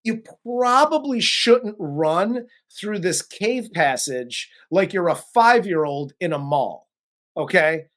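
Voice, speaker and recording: A host recapping and reviewing a horror film in casual chat, profane and animated. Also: mid-range voice, takes it slowly. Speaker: podcast host.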